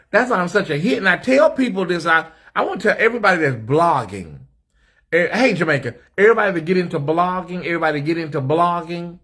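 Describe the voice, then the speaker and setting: A man's voice: on the high side, pushed and bright, slightly rough. An American man hosting a live stream from a hotel suite, sassy and chatty, talking straight to his viewers in the comments. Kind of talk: casual live-stream chat.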